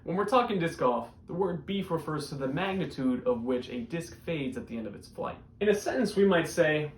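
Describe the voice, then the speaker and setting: A young man hosting a disc golf news show in a deadpan comedic style, with sudden loud bursts. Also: a little high, fairly quick, few pauses. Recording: echoey room with faint background noise.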